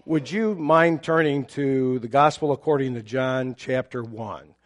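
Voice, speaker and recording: A pastor preaching a sermon, explaining a Bible passage in a measured, teacherly way with occasional fillers. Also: male voice, medium pitch.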